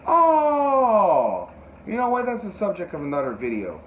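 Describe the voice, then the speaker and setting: Guy rambling thru a funny story, kinda high voice, swears a lot, sounds like a tinny phone line w some hiss. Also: unhurried. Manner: animated, rambling, profane, acts out quotes in high yelps. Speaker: podcast host. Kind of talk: casual storytelling chat.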